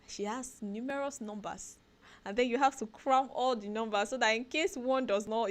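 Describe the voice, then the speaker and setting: Woman, radio host, casual advice talk, animated, rhetorical questions, frequent laughs. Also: mid-range voice. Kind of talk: casual talk segment giving parenting advice.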